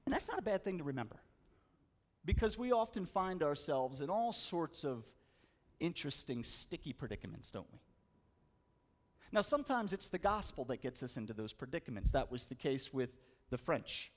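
A man preaching a sermon, telling a story with dramatic slowdowns and rising emphasis. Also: fairly high pitch, sing-song. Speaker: pastor.

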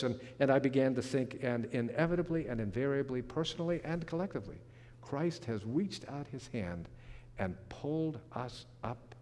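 Man, pastor, earnest sermon, middle-aged or older, slows for emphasis, mid-pitched, long church-hall reverb. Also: darkish tone. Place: church sanctuary.

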